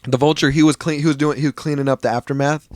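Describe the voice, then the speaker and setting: A man's voice: fairly high pitch, fast talker, no room sound, studio quality. A young man co-hosting a podcast in casual chat, retelling scenes with lots of slang and swearing and acting out the characters. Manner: animated storytelling, acts out quoted characters. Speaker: podcast co-host.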